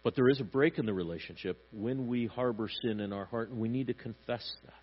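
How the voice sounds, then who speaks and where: A man preaches a sermon on a psalm in an animated way, slipping into brief acted voices to make his points. His voice sits at an ordinary middle pitch. The recording is dull and carries a faint mains hum. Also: fairly quick. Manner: animated, acts out little voices for God and parents. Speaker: pastor.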